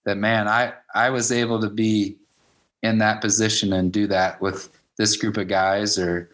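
A man in his fifties tells stories in a relaxed interview, speaking as a high school wrestling coach. His voice sits somewhat low. He keeps slipping into the voices of the people in his stories, quoting what each one said. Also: unhurried. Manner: anecdotal, acts out quoted dialogue with "I'm like". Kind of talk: casual storytelling interview.

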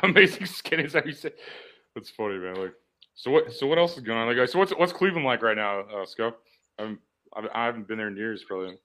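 A man's voice: mid-range voice, very animated, brisk, pushed and bright. A man from St. Louis hosting a casual comedy podcast, rambling and joking with lots of fillers. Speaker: podcast host.

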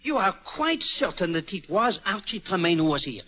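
Hercule Poirot, precise Belgian sleuth. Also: male voice, high voice, big pitch swings, moderate pace, sharp tone, full character voice. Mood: inquisitive, polite. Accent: Belgian French. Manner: courteous, precise, sprinkles French words. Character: fussy, polite middle-aged Belgian male detective. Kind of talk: 1940s radio acting. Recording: dull old radio broadcast.

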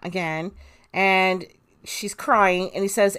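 A woman's voice: medium pitch, normal speed. A woman hosting a true crime podcast, reading an interrogation transcript aloud and adding her own comments. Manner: reads quoted interrogation lines plainly, adds commentary. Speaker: podcast host.

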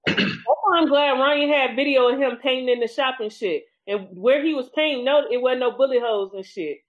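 A woman's voice: sits high, brisk. A woman co-hosting a casual chat, telling blunt, profane stories about a reality show. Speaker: podcast co-host. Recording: tinny phone-like line.

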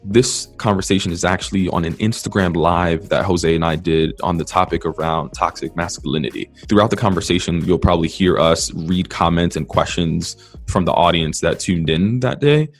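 A man hosting a podcast, reading a brisk, plain introduction to the episode. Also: low-pitched, soft background music. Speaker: podcast host.

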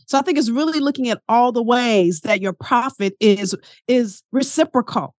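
A woman guest, a coach and teacher, talking in a casual interview as an animated, emphatic storyteller. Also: fairly high pitch, no room sound, studio quality.

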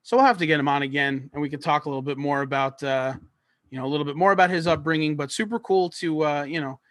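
Brief: male podcast host, casual and jokey, bright tone, dry close mic. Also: a little high, fast talker, no room sound. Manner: laid-back, jokey, many fillers like "like".

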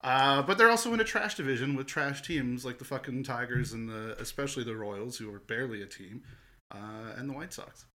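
A man co-hosting a podcast, talking baseball in a profane, animated way and laughing often. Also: mid-range voice, fairly quick. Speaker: podcast co-host. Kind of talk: casual sports chat.

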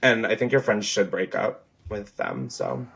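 Gravelly and lowish with a breathy edge, this man's voice moves at a measured pace as he hosts a podcast on headphones. Answering callers, he keeps the casual chat animated, jokey and full of swearing.

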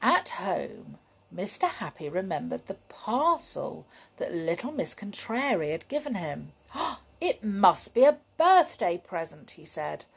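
A woman's voice: on the low side, creaky, slightly rough. A woman reading a children's story and chatting playfully with young listeners.

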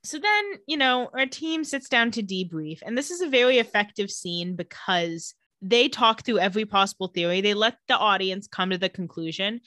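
A woman co-hosting a podcast, recapping a TV episode in casual, animated storytelling that is often broken up by laughter. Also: mid-range voice, moderate pace, few pauses, dry recording, clean studio sound.

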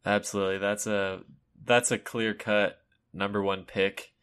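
Brief: lower-pitched male host, relaxed, laughs easily, reads listener questions. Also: measured pace, clean tone. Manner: easygoing, laughs often. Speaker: podcast co-host. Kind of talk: casual chat.

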